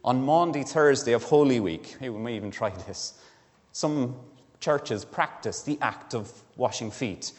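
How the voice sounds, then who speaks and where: A man preaching in a church, with a middle-pitched voice that he keeps conversational. He asks his listeners direct questions. A long reverb trails after his words through the hall. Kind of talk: sermon.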